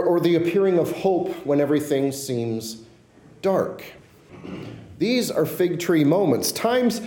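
A male pastor delivering a sermon, slowing and softening his voice on key phrases. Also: on the high side, reverberant.

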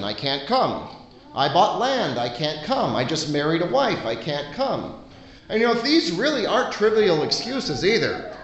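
A man preaching a sermon in an earnest, conversational way, pausing often between phrases. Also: a little high, fairly bright tone, reverberant, low-quality recording.

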